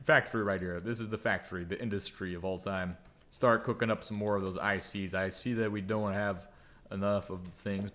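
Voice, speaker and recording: This gaming video creator has a low, somewhat bright voice. While he builds, he offers casual, jokey commentary, poking fun at himself and humming and muttering under his breath.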